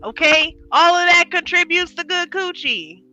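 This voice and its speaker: A woman's voice: very high-pitched, expressive, moderate pace, sharp tone, soft background music, low-quality recording. A woman co-hosting a casual chat, bubbly and profane, cheering on her co-host. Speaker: podcast co-host.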